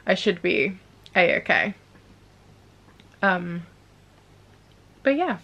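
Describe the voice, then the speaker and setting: A woman's voice: fairly low pitch, very animated, drawn-out words, gravelly, fairly bright tone, slight background noise. A young woman talking casually to camera at home in a rambling daily vlog, full of self-deprecating asides. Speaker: vlogger.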